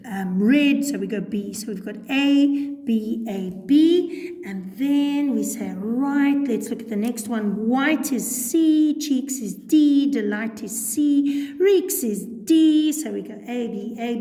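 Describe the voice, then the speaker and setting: A woman's voice: on the high side, dark tone. A woman teacher patiently walking students through a poem step by step, checking in with frequent okays. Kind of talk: recorded poetry lesson. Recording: echoey room with long reverb.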